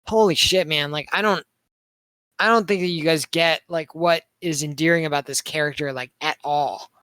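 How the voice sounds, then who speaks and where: A man's voice: a little high, normal speed, bright, forceful tone, clean tone, dry recording. A man co-hosting a podcast, chatting casually and rambling with lots of fillers and swearing. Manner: rambling, heavy on filler words, swears a lot. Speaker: podcast co-host reviewing a movie. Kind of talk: casual chat.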